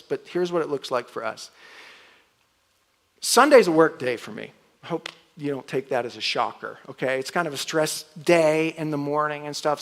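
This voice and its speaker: Middle-aged male pastor, conversational sermon delivery, slightly high voice, stage mic in a reverberant church. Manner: conversational, animated, acts out home dialogue. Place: church auditorium. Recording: long hall reverb.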